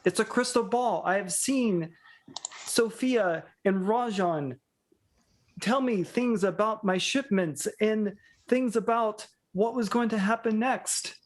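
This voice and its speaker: Man playing a flustered nobleman, raised pitch, protesting, slow, tabletop game voice. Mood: indignant. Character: indignant, panicky nobleman lord.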